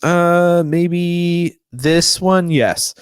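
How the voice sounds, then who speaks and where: A man's voice: high-pitched, extremely slow, clear, resonant tone, no echo. Chatty young man hosting, dry sound. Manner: animated, acts out other people's quotes. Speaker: podcast host. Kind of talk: casual chat.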